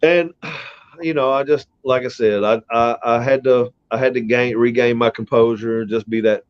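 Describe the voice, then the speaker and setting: A man's voice: medium pitch, fairly even intonation, normal speed. Middle-aged man rambling on lo-fi audio. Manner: rambling, profane, emotional retelling. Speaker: podcast host. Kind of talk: casual storytelling chat. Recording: dull lo-fi audio.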